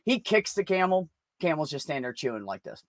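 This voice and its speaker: A man's voice: on the high side, sing-song, a little fast, dry recording. A man telling a long crude joke in a rambling, profane way at an open mic, laughing at his own punchlines.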